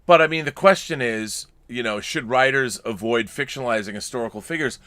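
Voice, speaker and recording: A man's voice: mid-range voice, brisk, sharp tone, clear, resonant tone, no room sound. A man co-hosting a casual podcast, chatting about a film and reading out viewer comments and letters, with frequent restarts. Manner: rambling, restarts, reads letters aloud. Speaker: podcast co-host.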